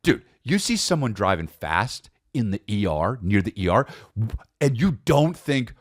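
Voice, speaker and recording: A man co-hosting a podcast, telling a comedic story in an animated, profane, self-mocking way. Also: fairly low pitch, a little slow, no room sound, studio quality. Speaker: podcast co-host.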